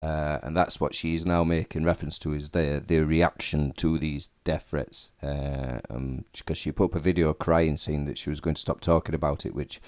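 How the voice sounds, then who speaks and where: Very deep-voiced man, blunt commentary. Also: little pitch movement, normal speed, few pauses, darkish tone, dry recording, clean studio sound. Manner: hesitant, many fillers, blunt opinions. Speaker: commentator reacting to a video. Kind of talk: casual reaction commentary.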